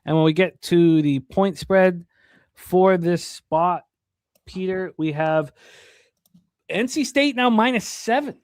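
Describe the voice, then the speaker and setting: Male co-host for a betting podcast, slightly high voice, dry close sound, rattles off numbers with lots of uh's. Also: dry recording. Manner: reads odds and numbers quickly, many fillers. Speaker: sports betting show co-host. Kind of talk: casual sports betting talk.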